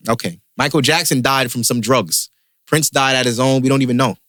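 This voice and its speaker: A male comedian hosting a podcast rants in heated, profane casual chat. His voice is medium-pitched, fairly quick, and a bit bright, recorded clean in a studio with no room sound.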